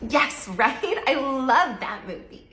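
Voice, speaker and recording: A woman's voice: high-pitched, very animated, slow pace, a bit bright. A young woman in a comedy sketch clip, bubbly and exaggerated. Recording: echoey room with music.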